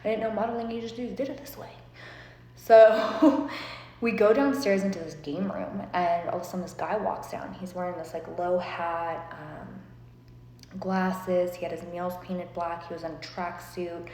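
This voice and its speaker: A woman's voice: fairly low pitch, fairly even intonation, a little slow, mellow, slight background noise. A young woman telling a story in a chatty, casual way, full of fillers and swearing. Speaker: vlogger. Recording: echoey room with long reverb.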